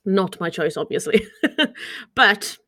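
A woman's voice: mid-range voice, expressive, slow, fairly bright tone, no echo, clean studio sound. Giggly Welsh woman. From Wales. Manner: giggly, playful. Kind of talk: casual chat.

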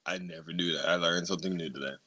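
A man co-hosting a casual podcast, reacting to his co-host in an animated, chatty way. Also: low-pitched, quick pace, husky. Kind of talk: casual chat.

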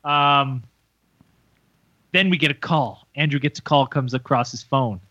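Hungover, this podcast co-host swears his way through an animated story, putting on high voices to act out the people he quotes. He talks a little slowly, and the sound is lo-fi with no room ambience.

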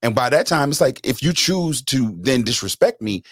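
A man's voice: medium pitch, expressive, normal speed, dry recording, studio quality. A man co-hosting a casual discussion, talking in an emphatic, reflective way. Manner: emphatic, reflective, mimics voices. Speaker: co-host.

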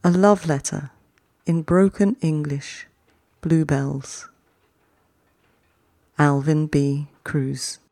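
A podcast host reading short poems slowly and deliberately, each one twice with long pauses, then closing the show in a chattier way. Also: mid-range voice, steady tone, darkish tone, no echo, studio quality. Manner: chatty, quicker sign-off. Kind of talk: slow, measured poetry reading.

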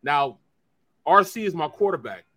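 A middle-aged man, a former football player, co-hosting a sports talk show and telling animated stories with acted-out voices. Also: fairly high pitch, moderate pace. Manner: animated storyteller who acts out quoted voices. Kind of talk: casual sports talk, storytelling.

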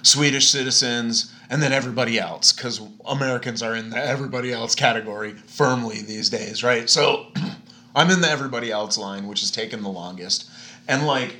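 A man's voice: mid-range voice, fairly quick, pushed and bright. A man in his late thirties telling a travel story in a casual podcast chat, swearing and ranting with exasperation. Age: 30s. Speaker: podcast guest.

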